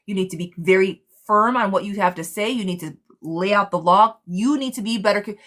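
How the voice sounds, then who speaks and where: A woman hosting a casual live tarot reading for viewers. She talks bluntly and excitably, using pet names and swearing. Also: mid-range voice, fairly quick.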